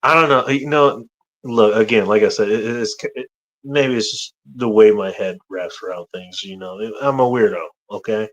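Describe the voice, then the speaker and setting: A man's voice: lowish voice, normal speed, muffled recording. A man from the United States hosting a casual chat, rambling and joking with many restarts. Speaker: host.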